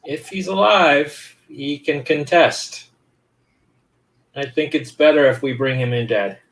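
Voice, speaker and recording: A man voicing a cold, scheming male politician in a tabletop role-play, speaking in a calm, measured way. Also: a little high.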